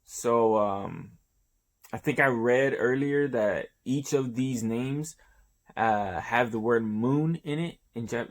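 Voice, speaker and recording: A man talking through a comic chapter in a loose, rambling play-by-play, dropping swear words as he describes each panel. He speaks slowly and in a mid-range voice, often pausing to search for words. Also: mid-range voice. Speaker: host of a manga review show. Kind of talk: casual chapter review.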